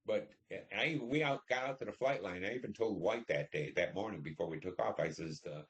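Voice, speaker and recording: An older man in his seventies with a deep, low-pitched voice tells his own war memories. His talk is blunt and salted with profanity. He rambles and restarts his sentences as the story comes back to him. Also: a little fast, a bit bright. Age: 70s. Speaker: veteran recounting war service. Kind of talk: oral history storytelling.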